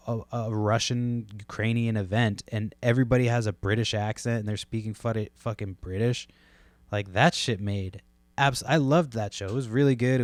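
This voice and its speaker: A man's voice: on the low side, no echo. A man hosting a podcast alone, rambling casually with lots of fillers, restarts and swearing. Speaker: podcast host.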